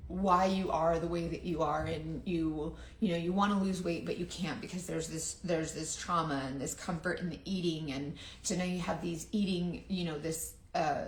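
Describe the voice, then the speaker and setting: A woman's voice: low-pitched, echoey room. Rambling woman with a drawl. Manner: rambling, confiding, trails off and restarts. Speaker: makeup seller and vlogger. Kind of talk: casual chat while doing makeup on camera.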